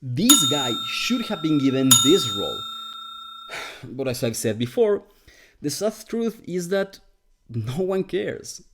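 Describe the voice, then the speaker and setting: A man's voice: a little high, big pitch swings, slow, fairly bright tone. A man whose first language is Spanish, giving a scripted, sarcastic commentary as host of a video essay. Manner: sarcastic, exasperated critique.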